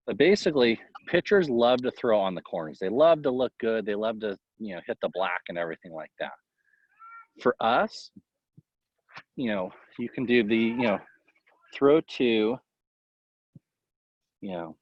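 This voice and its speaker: A man who is a baseball coach, talking casually in an interview and giving tips in a rambling, animated way full of fillers. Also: on the low side, dry recording. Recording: dull, lo-fi, dry sound.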